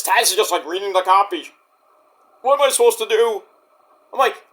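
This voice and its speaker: A man recapping a wrestling show in a casual, excitable rant, swearing often. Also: sits high, normal speed, long pauses. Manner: excitable, profane, storytelling rant.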